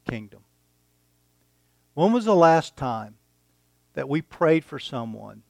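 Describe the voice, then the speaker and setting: Slow, deliberate male preacher. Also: mid-range voice, no echo, studio quality. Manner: slow, deliberate preaching with dramatic pauses, reading scripture aloud. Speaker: pastor. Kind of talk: sermon.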